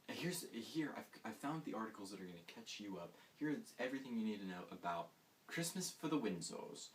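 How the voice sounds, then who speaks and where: A man hosting a comedic monologue, rambling and mocking himself with sarcastic asides. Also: lowish voice. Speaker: host. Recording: distant mic with faint hiss.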